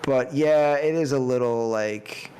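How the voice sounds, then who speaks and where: A man co-hosting a podcast, chatting casually about a film in a rambling, halting way full of restarts. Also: mid-range voice, a little mellow, clear, resonant tone. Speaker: podcast co-host. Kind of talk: casual movie review chat.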